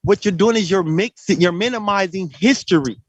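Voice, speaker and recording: A man's voice: sits high, a little fast, a little hiss or hum. A man arguing hard in a group voice chat, talking over others and repeating himself. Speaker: debate participant. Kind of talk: heated group voice chat debate. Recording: dull lo-fi voice chat audio.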